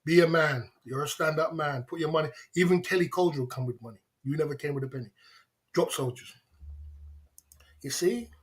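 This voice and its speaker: A man's voice: fairly high pitch, moderate pace. A man hosting a livestream, taunting and challenging his chat in a repetitive, mocking way with frequent laughs. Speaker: livestream host.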